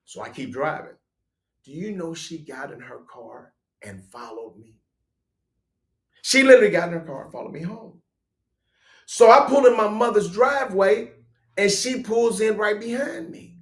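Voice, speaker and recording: A man hosting a talk show, telling a personal testimony in an animated storytelling way, switching between loud exclamations and hushed asides. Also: sits high. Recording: roomy echo.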